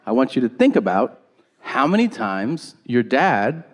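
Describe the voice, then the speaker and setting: A man doing stand-up with a slow, drawn-out, crude delivery. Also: mid-range voice, sing-song. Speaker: stand-up comedian. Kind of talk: stand-up set. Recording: live club recording with clear noise.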